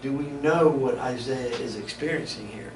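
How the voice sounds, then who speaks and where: A man teaches a Bible study conversationally at a moderate pace, his mid-range voice frequently stopping and starting over. The microphone is distant, the room echoes, and there's background noise.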